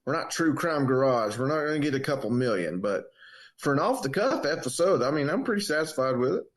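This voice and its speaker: A man co-hosting a casual podcast, teasing his partner with quick wisecracks. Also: mid-range voice, expressive. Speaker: podcast co-host.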